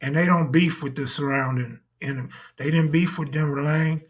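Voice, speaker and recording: A man's voice: fairly high pitch, steady tone, normal speed. A man hosting a live stream in casual talk, full of crude, boastful joking banter.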